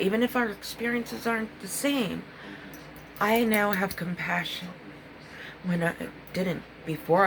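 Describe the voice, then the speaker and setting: Earnest gravelly-voiced middle-aged woman. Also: medium pitch, normal speed, background noise. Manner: earnest, intense, speaks candidly with many restarts. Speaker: recovery vlogger. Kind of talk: emotional personal talk to viewers.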